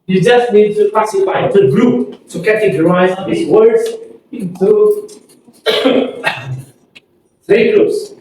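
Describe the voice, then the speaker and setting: A man with an Indonesian accent, teaching an English pronunciation lesson and repeating words slowly for students to copy. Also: high voice, darkish tone, a little hiss or hum. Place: classroom. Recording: echoey room, far from the mic.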